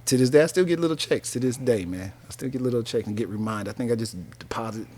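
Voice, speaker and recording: A man's voice: mid-range voice, fast, background noise. A man in his fifties from North Carolina, a radio DJ telling stories in a casual interview with laughs and easygoing slang. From North Carolina, USA. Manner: animated, laughing storyteller using casual slang.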